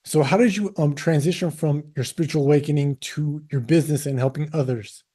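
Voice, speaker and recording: A man's voice: a little high, brisk, warm tone. A man hosting an interview, asking probing questions in a casual way. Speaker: interviewer, host.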